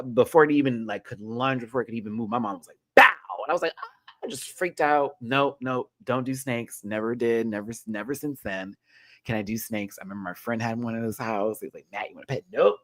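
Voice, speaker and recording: A man hosting a casual show recap, telling a personal story with lively, rising excitement. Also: fairly quick, dry recording. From Texas. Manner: animated storytelling, jumps high when excited. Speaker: show host.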